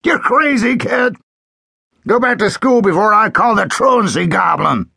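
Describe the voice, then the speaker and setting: Guy doing a grumpy old sheriff, growly and mocking, husky, pitch all over the place. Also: very animated, unhurried, pushed and bright, dry recording, studio quality, heavily acted. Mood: scornful. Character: gruff old male frontier sheriff, scornful. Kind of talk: audiobook character voice.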